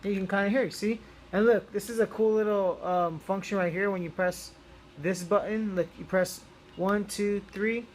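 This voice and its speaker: A man's voice: high voice, fairly even intonation, moderate pace, slight background noise. A young man chatting casually through a toy review, rambling with lots of ums and restarts.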